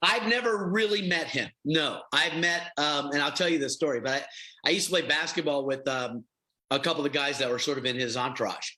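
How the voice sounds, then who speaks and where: Bright, affable middle-aged man. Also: on the high side, brisk, poor audio. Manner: affable storyteller, animated. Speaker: reality show host. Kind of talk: TV interview answers.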